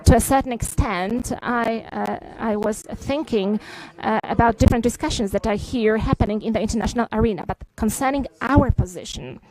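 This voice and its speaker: A woman giving a live interpretation of a formal press briefing, halting often with filler sounds and restarts. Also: fairly high pitch, a little mellow, poor audio.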